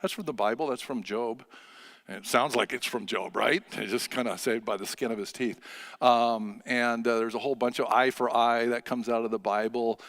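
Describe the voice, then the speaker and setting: Chatty pastor preaching. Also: male voice, medium pitch, fairly even intonation, a bit bright. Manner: conversational, joking, many filler pauses. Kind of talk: sermon.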